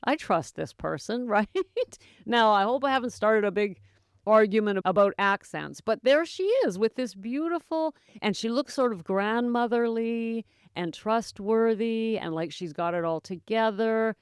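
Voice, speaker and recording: Woman podcast host, 40s, from North America, chatty and animated, smooth voice, dry close sound. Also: fairly high pitch, a little slow, no room sound. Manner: chatty, animated, laughs often, addresses listeners as gals. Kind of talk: casual monologue to listeners.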